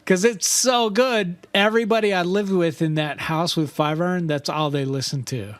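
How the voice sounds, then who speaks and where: Male podcast co-host, loose and rambling, casual swearer, a touch high-pitched, dry recording. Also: normal speed, smooth, dry recording. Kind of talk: casual chat.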